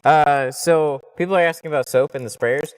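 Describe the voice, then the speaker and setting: A man's voice: fairly high pitch, moderate pace, smooth. A man talking casually into a headset as he tints a window on a live stream, chatty and loose, swearing now and then when something goes wrong. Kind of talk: casual live-stream talk while working.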